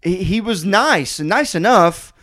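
A man with a somewhat high voice hosting a casual podcast chat. He tells a story in an animated way, swears freely, fills it with "like", and quotes the people in it as he goes. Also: slow pace.

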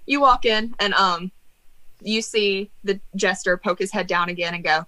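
Bright-voiced woman game master. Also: medium pitch, steady tone, normal speed, low-quality recording. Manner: casual, giggly, lots of fillers. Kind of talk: narrating a tabletop game.

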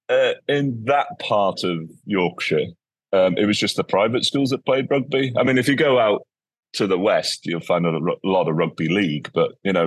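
Guy in his 40s, low husky voice, tells stories lively and does the voices, dry close sound. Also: no echo. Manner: animated storyteller, acts out quoted people. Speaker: educator guest. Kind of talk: casual interview storytelling.

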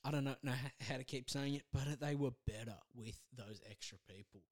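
A man hosting his own podcast, rambling casually through a movie review with self-deprecating asides and halting restarts. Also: medium pitch, a little mellow. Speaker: podcast host.

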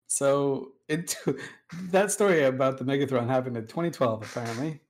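A man's voice: medium pitch, moderate pace. A man hosting a casual chat, telling a long story in a chatty, digressive way. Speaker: host.

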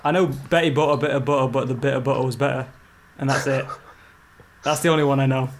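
A man's voice: medium pitch, steady tone, fast talker, a little hiss or hum. A young man co-hosting a podcast, who mumbles a bit in casual chat.

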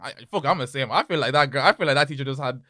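A young man in a casual chat, telling animated school stories that swing from mumbles to loud laughing outbursts. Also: mid-range voice, very fast, dry recording, clean studio sound. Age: young adult.

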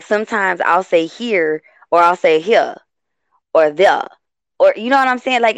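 Animated, rambling woman with a lowish voice. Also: clear, resonant tone, no echo, lo-fi sound. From West Coast of the US. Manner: animated, rambling, self-interrupting. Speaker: host. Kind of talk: casual talk show chat.

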